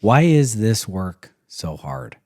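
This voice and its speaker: Man, podcast host, measured questions, low voice, mellow tone. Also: very animated. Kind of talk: casual podcast interview.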